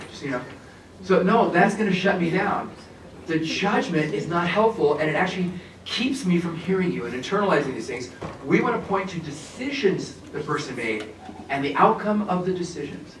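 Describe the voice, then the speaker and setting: A man with a somewhat high voice presents a teacher workshop with lively humor, speaking to a room full of people. He sounds a bit far from the mic, and the room gives his words a strong echo. A faint hiss sits underneath. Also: normal speed. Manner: animated, humorous, addresses the audience. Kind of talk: professional development workshop talk. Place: conference room with an audience.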